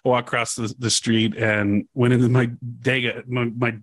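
A man's voice: mid-range voice, moderate pace, dry recording. Laid-back man telling a rambling story. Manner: rambling, animated retelling with quoted voices and laughs. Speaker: podcast co-host. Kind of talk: casual storytelling chat.

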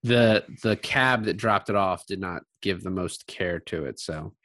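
A man's voice: low-pitched, measured pace, a bit bright, no echo, studio quality. Chatty male co-host who laughs through his scene recaps and talks in loose fillers. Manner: chatty, laughs often, retells scenes with quoted lines. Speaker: podcast co-host. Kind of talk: casual film discussion.

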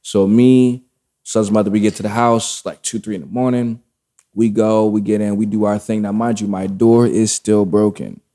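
A man telling a story in casual chat, animated and profane, with loose street slang. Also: fairly low pitch, normal speed.

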